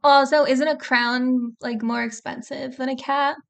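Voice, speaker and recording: A woman's voice: high-pitched, fairly even intonation, measured pace, vocal fry. A woman co-hosting a reaction channel, chiming in with short comments and questions during casual chat. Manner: brief interjections and questions. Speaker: co-host of a music reaction channel.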